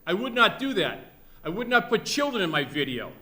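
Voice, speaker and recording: A man's voice: high-pitched, sing-song, a little fast, pushed and bright. A man giving an impassioned, repetitive public comment at a town meeting, scolding and patriotic.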